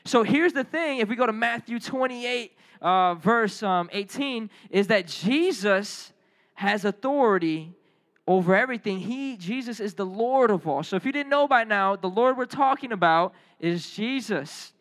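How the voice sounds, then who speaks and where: A man preaching a sermon as a youth pastor, telling lively stories and calling on the crowd to respond. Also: high voice, unhurried.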